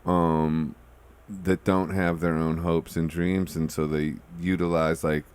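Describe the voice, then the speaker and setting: Deep-voiced man hosting a podcast. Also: level tone, takes it slowly, a little mellow, smooth, no room sound. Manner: rambling, filler-heavy, opinionated. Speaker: podcast host. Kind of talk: casual conversation.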